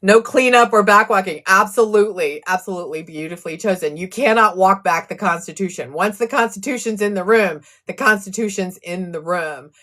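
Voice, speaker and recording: A woman's voice: mid-range voice, a little fast, few pauses, a bit bright. A woman doing casual live-stream commentary on a legal case, agitated and fired up, venting and reading viewer comments aloud. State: agitated, blood pressure up. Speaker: true crime live streamer.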